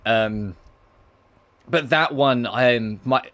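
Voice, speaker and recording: A man's voice: medium pitch, very slow, fairly bright tone. A man in his twenties from Britain with a faint British accent, rambling and swearing as a streamer in casual chat. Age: 20s.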